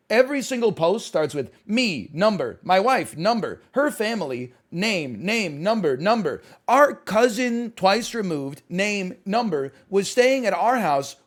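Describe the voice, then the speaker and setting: Lively, rambling male streamer. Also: sits high. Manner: animated, rambling, sarcastic, profane; frequent stammers and restarts. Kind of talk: casual stream chat.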